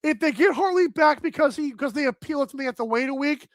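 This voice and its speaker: Chatty high-voiced woman sports host. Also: quick pace, dry recording. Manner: chatty, thinks aloud with many "like"s, addresses chat. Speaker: sports talk show host. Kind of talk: casual live-stream sports talk.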